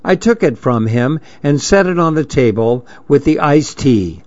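A man reading a story aloud in steady, plain narration. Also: a little high, a little slow, dry recording. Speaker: audiobook narrator. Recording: dry, dull lo-fi recording.

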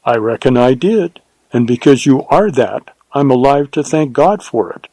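A man's voice: mid-range voice, animated, normal speed, mellow, no echo, low-quality recording. A man reading an audiobook, voicing a spirited, imperious young woman in a raised, lilting voice. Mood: earnest.

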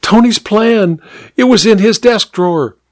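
A man voicing a tearful, frantic young housemaid in a radio mystery, in a raised high voice. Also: measured pace, clear, resonant tone. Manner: high excited cries.

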